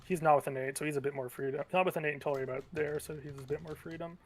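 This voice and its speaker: A man's voice: on the high side, fairly even intonation. A man playing a tabletop wargame, explaining the rules and moves casually. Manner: quick rules-explaining talk. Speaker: player.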